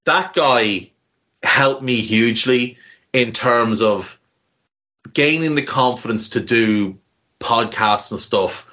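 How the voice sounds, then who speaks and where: A man's voice: mid-range voice, bright, forceful tone, dull audio. A man with a Navan accent from Ireland, hosting a casual podcast chat in a rambling, heartfelt way with casual swearing. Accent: Irish, Navan. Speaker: podcast host.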